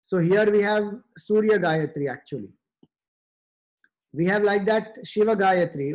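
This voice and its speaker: A man giving a spiritual discourse, explaining in measured, short phrases with pauses. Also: sits high, darkish tone. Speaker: spiritual teacher.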